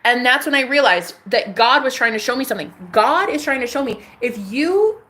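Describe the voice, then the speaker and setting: A woman's voice: high voice, lively intonation, moderate pace, pushed and bright. A woman content creator talking straight to camera in a casual vlog monologue, candid and emphatic, with plenty of swearing. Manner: candid, profane, emphatic self-talk.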